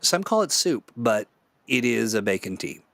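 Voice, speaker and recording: A man's voice: medium pitch, sing-song, moderate pace, vocal fry, fairly bright tone, no echo, studio quality. A man hosting a casual online chat, joking around, rambling through playful tangents and laughing often. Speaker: host.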